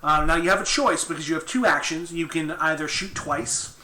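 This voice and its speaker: A man's voice: a little high, brisk, pushed and bright. A man running a tabletop game as game master, describing the action and patiently explaining the rules. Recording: roomy echo, faint noise.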